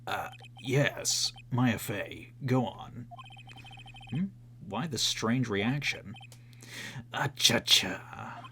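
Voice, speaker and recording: A man voicing a pompous, evasive old male lawyer with a gruff, drawling manner. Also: mid-range voice, expressive, very slow, pauses often, pushed and bright, a little hiss or hum, heavily acted.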